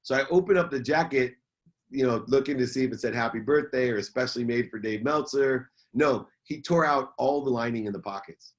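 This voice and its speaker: A man's voice: mid-range voice, a little fast. A middle-aged man, a businessman and motivational speaker, telling a personal story as a podcast guest in an earnest, emphatic way, repeating key phrases.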